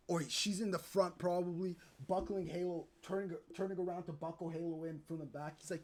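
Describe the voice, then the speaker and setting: A young man streaming, ranting to his chat in animated, profane commentary and acting out the people he talks about. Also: high voice, quick pace, hardly any pauses. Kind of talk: casual commentary to live chat.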